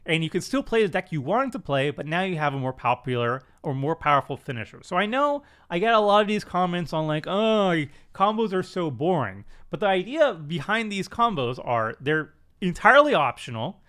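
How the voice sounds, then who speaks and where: A man's voice: fairly high pitch, sing-song, fairly quick, hardly any pauses, fairly bright tone, clear, resonant tone. A man hosting a card game stream, talking casually with lots of fillers and restarts in a chatty, self-deprecating way. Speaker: commander stream host. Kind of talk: casual card review chat.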